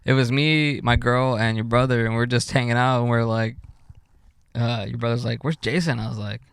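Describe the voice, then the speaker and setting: A young podcast co-host talks in a laid-back way and laughs as he chimes in. His voice has a gravelly, fry-heavy edge, and it is recorded dry and close. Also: medium pitch, steady tone, normal speed, no room sound. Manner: laid-back, laughs often while chiming in. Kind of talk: casual chat.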